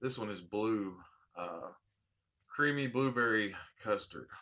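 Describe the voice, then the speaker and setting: A man's voice: on the low side, slow pace, sharp tone. A man hosting a casual unboxing vlog, heartfelt and rambling, repeating his thanks. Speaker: vape channel host.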